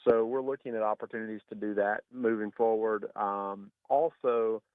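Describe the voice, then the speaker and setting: A man speaks with a low voice over a tinny, narrow-sounding phone line, with a dry sound. He is a state education official taking questions in a radio interview. He talks in a steady, measured way with frequent "uh" and "um" fillers. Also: dry recording. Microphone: phone call.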